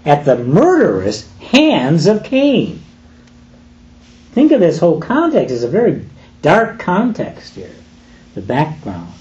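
Animated, slow-preaching man. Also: high-pitched, highs cut off. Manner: lively, emphatic, rhetorical questions. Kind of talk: sermon.

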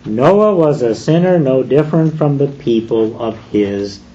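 A man preaching a sermon in an unhurried, measured way, his voice mellow and warm. He stresses key phrases slowly and deliberately. The recording sounds a little dull, with faint room noise behind him. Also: medium pitch, expressive. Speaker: pastor.

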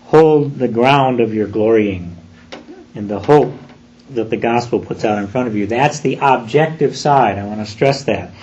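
A man preaching an expository sermon, deliberate and emphatic, slowing down on key phrases. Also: mid-range voice, a little mellow, dull audio.

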